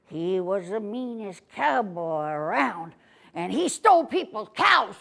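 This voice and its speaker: A woman's voice: medium pitch, very animated, slow pace, gravelly, a bit bright. A woman storyteller in a folksy cowgirl persona, telling a story to children in a library story room and having them repeat lines after her.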